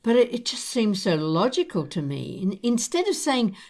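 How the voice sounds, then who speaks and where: An older woman hosting a podcast, chatting with an old friend in a gentle, reassuring, reflective way. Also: on the high side, very animated, normal speed. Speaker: podcast host. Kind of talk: casual chat between old friends.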